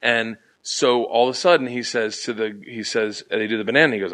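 A man's voice: medium pitch, brisk. A middle-aged male comedian telling a profane story as a podcast guest, acting out the crowd's chants as he goes. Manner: animated, profane, acts out chants.

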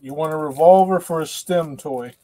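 A man hosting a casual live stream, drifting from story to story in a folksy, self-mocking way. His voice sits a bit high for a man, and he keeps breaking into laughter at his own jokes. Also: moderate pace, warm tone. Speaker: host. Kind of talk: casual livestream chat.

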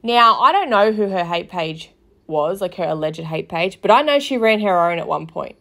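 A woman's voice: fairly low pitch, animated, normal speed, vocal fry, fairly bright tone. A woman hosting a casual commentary podcast, talking in a loose, gossipy way with lots of fillers and swearing. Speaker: podcast host.

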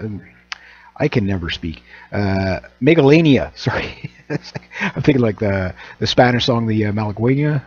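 A man's voice: medium pitch, animated, a little fast, slightly rough. A man from Canada, hosting his own channel in a casual, rambling, joking monologue full of fillers and restarts. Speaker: channel host. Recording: dull lo-fi recording.

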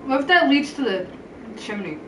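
A woman's voice: sits high, big pitch swings, normal speed, recorded from a distance, slight background noise. A woman co-hosting a casual gameplay session, making playful, teasing remarks. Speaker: co-host sidekick. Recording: roomy sound from off-mic, game music. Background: game music.

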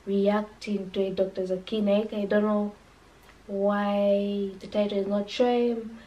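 A woman's voice: mid-range voice, flat delivery, measured pace, mellow, distant mic, dull audio. A woman hosting a reaction channel, talking to her viewers in a friendly, chatty way. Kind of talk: casual vlog intro.

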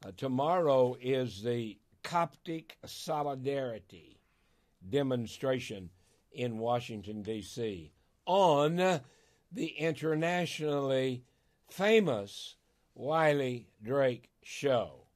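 Folksy older Southern preacher host. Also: male voice, on the high side. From Arkansas, USA. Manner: folksy, emotional, laughs often, stretches words for emphasis. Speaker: radio show host and pastor. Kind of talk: call-in radio talk.

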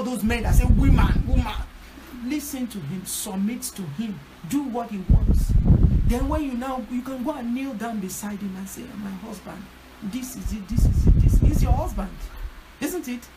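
Emphatic woman pastor, noisy. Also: fairly high pitch. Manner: emphatic, repetitive exhortation. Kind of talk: teaching talk on a prayer line. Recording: loud background noise.

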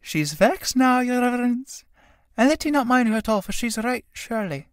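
A man's voice: very high-pitched, expressive, normal speed, clear, resonant tone, dry recording, studio quality, voice pushed up. A man voicing an old tinker woman in a play reading, talking in a soothing, crooning way. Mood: coaxing. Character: old woman tinker, fond of drink, coaxing.

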